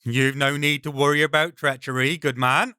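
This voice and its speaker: A man voicing a menacing, smooth-talking brigand with a mocking, silky courtesy. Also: a little high, fairly even intonation, normal speed, pushed and bright, no echo, studio quality. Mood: taunting.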